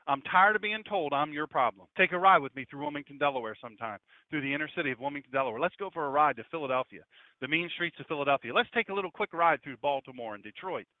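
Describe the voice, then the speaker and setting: A man's voice: a little high, lively intonation, fast talker, no room sound. A pastor in his fifties preaching a fiery sermon, emphatic and hammering points home by repeating phrases. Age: 50s. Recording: dry, tinny phone-like audio.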